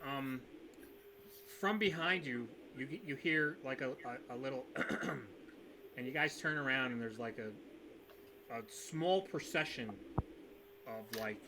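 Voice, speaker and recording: A man's voice: medium pitch, takes it slowly, pauses often, background noise. A man narrating as game master of a tabletop game on a video call, rambling with fillers. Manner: rambling, full of fillers and restarts. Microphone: video call setup.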